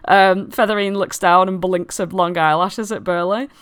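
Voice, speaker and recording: A woman narrating as game master in a tabletop game, lively and giggly, with lots of fillers. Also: fairly low pitch, normal speed, smooth.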